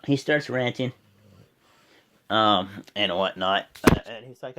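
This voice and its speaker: The host of a wrestling reaction channel casually recaps a show, his voice on the low side and his pace slow with frequent pauses. He rambles through asides, leaning on fillers like "and whatnot." When quoting, he breaks into loud, excited voices.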